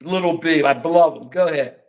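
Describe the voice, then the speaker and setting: A man with a high voice co-hosting a political livestream. He talks in a rambling, animated run of casual chat, then keeps handing the floor back to his partner. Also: a little fast.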